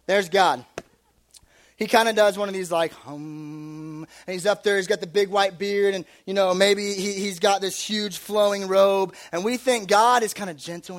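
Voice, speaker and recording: A young man giving a casual, animated youth sermon, acting out little voices as he goes. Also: high voice, normal speed. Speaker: youth pastor.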